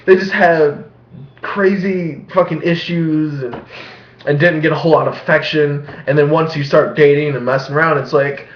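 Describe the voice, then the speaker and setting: A young man rambling casually and profanely in a home vlog, laughing often and mocking what he heard. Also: a little high. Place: small room at home. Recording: echoey room, dull lo-fi sound.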